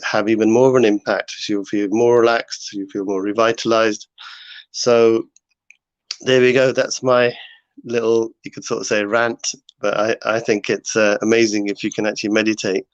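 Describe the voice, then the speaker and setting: A man's voice: lowish voice, dry recording. A man hosting a casual live talk to his viewers, rambling with many fillers and restarts. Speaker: host. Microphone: home setup. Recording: dull lo-fi sound.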